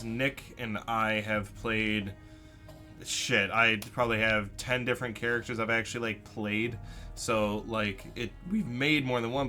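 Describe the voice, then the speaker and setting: Male host and game master, bright tense tone, explanatory casual chat. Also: mid-range voice. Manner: explanatory, talks things through at length. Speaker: podcast host and dungeon master. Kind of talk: casual chat about role-playing.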